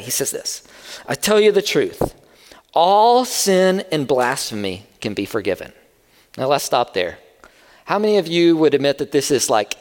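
Male preacher, high voice, chatty and animated sermon delivery, reverberant church hall. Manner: conversational, animated preaching with asides. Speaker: pastor.

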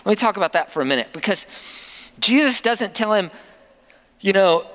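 A man's voice: sits high, normal speed, pauses often, fairly bright tone, long reverb tail. A man preaching a sermon as a pastor, conversational, with many rhetorical questions to the congregation.

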